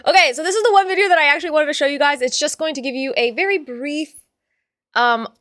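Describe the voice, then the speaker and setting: A woman hosting a casual stream, chatting with viewers in an animated, sweary way. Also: high-pitched, quick pace, no echo, studio quality. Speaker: streamer host.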